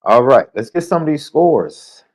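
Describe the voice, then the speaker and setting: A man hosting a live sports podcast, chatting casually and reading out viewer predictions with excited jumps in his voice. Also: measured pace. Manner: animated, excitable, jumps in pitch. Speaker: podcast host.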